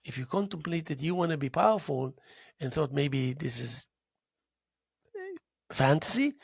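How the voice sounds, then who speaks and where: A talk show host, a man with a gravelly, husky voice, tells a story in a casual monologue. His pitch swings up and down as he goes, and he mimics drum beats out loud. The sound is dry and close. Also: animated, unhurried, long pauses, no room sound.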